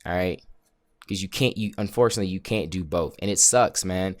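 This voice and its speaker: Male vlogger, lowish voice, earnest and frank, motivational chat to camera. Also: fairly quick. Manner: earnest, frank, repeats words when building a point. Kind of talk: motivational casual vlog talk.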